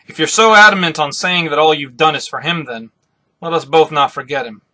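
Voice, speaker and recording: A man's voice: a little high, a little fast, bright, forceful tone. A man reading a blunt retired navy officer.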